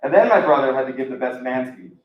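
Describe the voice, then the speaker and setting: A man's voice: mid-range voice, lively intonation, fast talker, noisy background. A young man doing a live stand-up comedy set, talking casually and rambling with lots of ums. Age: young adult. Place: live comedy show in an echoey room. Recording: echoey, dull lo-fi room recording.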